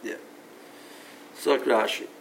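Speaking slowly, a male Talmud teacher reasons through a study lecture, blending English with Aramaic and Hebrew terms. He restarts sentences often and repeats himself, over poor audio with a little hiss or hum.

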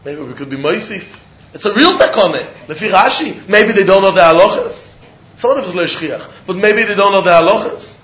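An animated male Talmud teacher lectures in Yeshivish English, using a sing-song study chant in which he questions and answers himself. His voice is high-pitched and brisk, and the recording is dull and echoey, made in a reverberant room.

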